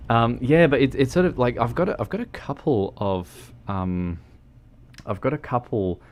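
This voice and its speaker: A man's voice: mid-range voice, normal speed, darkish tone. A man chatting casually on a gaming livestream, rambling and hesitant with lots of ums. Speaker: streamer.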